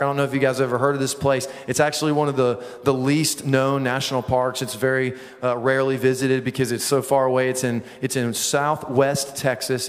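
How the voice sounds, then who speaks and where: A man preaches to his congregation, breaking into lively, self-deprecating anecdotes between scripture and prayer. His voice sits in a middling pitch and carries a long reverb from the large auditorium. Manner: lively storytelling, self-deprecating humor, quick asides. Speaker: pastor. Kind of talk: sermon.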